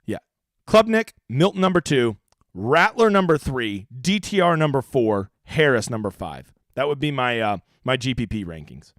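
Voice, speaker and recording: A man's voice: mid-range voice, sing-song, moderate pace, no room sound, clean studio sound. A man hosting a casual livestream, answering chat with profane jokes and lots of rambling fillers.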